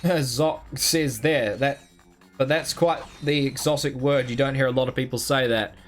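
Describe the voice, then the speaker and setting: A man's voice: mid-range voice, steady tone, moderate pace, soft background music. Swearing, rambling male game streamer. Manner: swears freely, mutters and hums while playing; rambling, self-mocking. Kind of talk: live gameplay commentary, reading chat.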